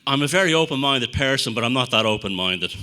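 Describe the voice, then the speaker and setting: A man giving a talk to an audience, telling stories in an animated, profane way and acting out quotes. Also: medium pitch, quick pace. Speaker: speaker at a talk. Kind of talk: anecdotal public talk to an audience.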